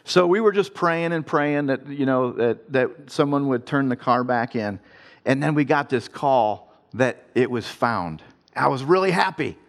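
This Ohio man, a father, has a mid-range voice with lively intonation and an unhurried delivery. He turns a personal anecdote into an earnest devotional talk, storytelling conversationally and laughing at himself.

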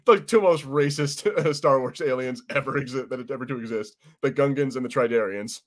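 A man's voice: medium pitch, brisk. A man co-hosting a podcast, chatting casually about a TV episode, rambling with lots of fillers and the odd swear word. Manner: rambling, many fillers and restarts, swears freely. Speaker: podcast co-host. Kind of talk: casual chat reviewing a TV episode.

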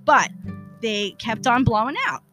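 A woman's voice: a little high, measured pace, pushed and bright, faint music behind. A woman hosting a podcast, telling a personal story in a profane, exasperated rant. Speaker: podcast host.

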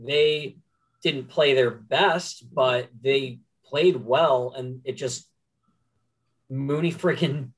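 A man's voice: mid-range voice, very slow. Rambling young man on a sports podcast. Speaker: podcast co-host. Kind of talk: casual sports chat.

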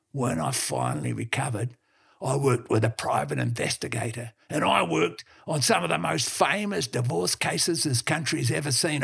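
A man voicing a gruff old male farm dog, boastfully spinning yarns and barking between tales. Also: medium pitch, fairly bright tone, full character voice. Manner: boastful yarn-spinner, barks "boof".

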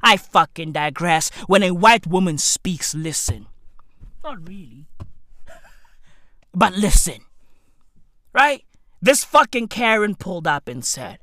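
A man hosting a comedy podcast, ranting in a profane, excitable way with incredulous outbursts. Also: high voice, slow, pauses often, dry recording, studio quality. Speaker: podcast host. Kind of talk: comedic rant.

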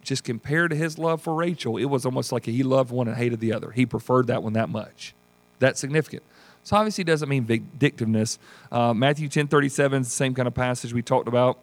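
A man, leading a Bible study as pastor in a folksy, animated teaching style and acting out voices. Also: medium pitch, fast talker, no room sound. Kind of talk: teaching sermon with group discussion.

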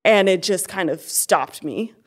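A woman's voice: lowish voice, animated, a little slow. Earnest young woman sharing testimony. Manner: earnest, candid, many fillers and restarts. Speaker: interview guest. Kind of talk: personal testimony in conversation.

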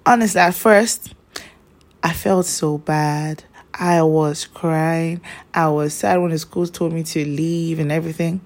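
Young woman, low voice, gravelly fry, chatty rambling storytelling. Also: fairly even intonation, measured pace. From Nigeria. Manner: chatty, rambling, many fillers. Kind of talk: casual personal storytelling.

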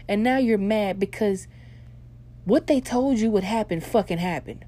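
A woman hosting a casual monologue, blunt and heavily profane, swinging into loud, animated rants. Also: mid-range voice, moderate pace.

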